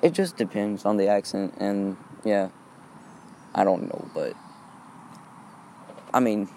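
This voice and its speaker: A teenage boy from Texas talks through a solo podcast in a low, mellow voice. He rambles and hesitates and leans on fillers again and again. He is outdoors, with faint wind and traffic heard behind him. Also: slow pace. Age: teens. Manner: hesitant, repeats fillers often. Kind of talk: rambling casual monologue.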